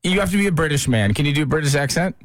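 A man's voice: fairly high pitch, animated, very fast, no echo, clean studio sound. A man hosting a morning radio show in casual, playful chat, laughing easily.

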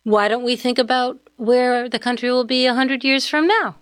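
A woman's voice: a little high, steady tone, normal speed, a bit bright, dry recording, clean studio sound. A woman co-hosting a podcast in casual chat, wry and amused with jokey asides. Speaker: podcast co-host.

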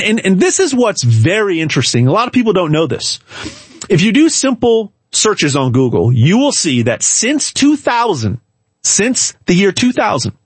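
A man giving an emphatic, hard-selling pitch straight to the viewer, repeating words and restarting often. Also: breathy edge, no room sound. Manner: emphatic, repetitive, stumbles and restarts. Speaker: gold sales pitchman. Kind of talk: direct-to-camera sales pitch.

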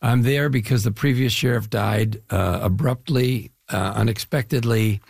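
Interview guest, older man from the Chicago area, husky gravelly voice, dry sound, easygoing anecdotes. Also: mid-range voice, dry recording. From Chicago area, US Midwest. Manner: relaxed storytelling, drawn-out phrases, frequent "yeah". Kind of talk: casual interview conversation.

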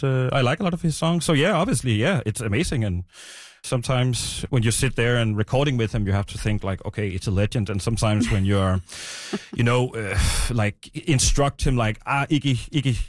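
A man guest in an interview, answering haltingly, with frequent "uh"s and restarts. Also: medium pitch, no room sound, clean studio sound. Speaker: podcast creator, guest.

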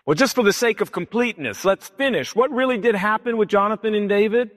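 A man's voice: high-pitched, fast. A male pastor preaching a sermon, telling a Bible story emphatically and dramatically. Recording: long hall reverb.

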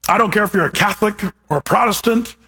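A man's voice: sits high, fast, pushed and bright, breathy edge. A man preaching a sermon as a pastor, teaching in a conversational way with rhetorical questions.

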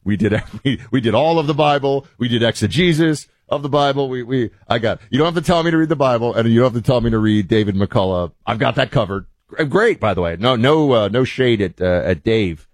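A man's voice: medium pitch, brisk, dry recording. A man hosting a show in a casual monologue, rambling with frequent restarts and fillers. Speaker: podcast host and author.

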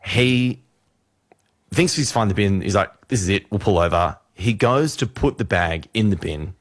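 A low-pitched man spinning an animated anecdote on a radio show. His voice sits deep and comes across dry and close, with no room sound around it. He repeats his punchlines for effect. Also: normal speed, no room sound. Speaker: radio host. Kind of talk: casual radio banter, storytelling. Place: radio studio. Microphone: studio microphone.

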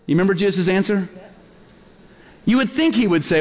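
Guy pastor preaching, pretty high voice, big echoey church hall, tells stories and does little voices for people. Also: fairly quick, pauses often. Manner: lively storyteller who acts out quoted voices. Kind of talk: storytelling sermon. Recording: long hall reverb.

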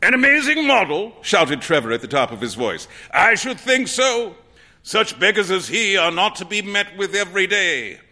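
Guy putting on a big theatrical painter, loud and showy, voice jumping all over. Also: big pitch swings, normal speed, long reverb tail, heavily acted. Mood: exuberant. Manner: booming, showy exclamations. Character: flamboyant grown man painter, loud and theatrical.

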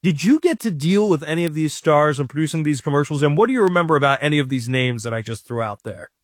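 A man's voice: fairly high pitch, expressive, fast, dry recording. A man hosting an interview, asking long, enthusiastic questions. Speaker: interview host.

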